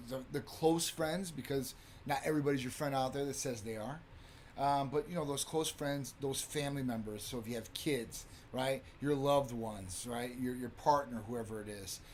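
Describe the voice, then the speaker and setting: A man co-hosting a live stream chat, speaking in a measured, reflective way about priorities. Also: medium pitch, darkish tone, a little hiss or hum. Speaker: co-host.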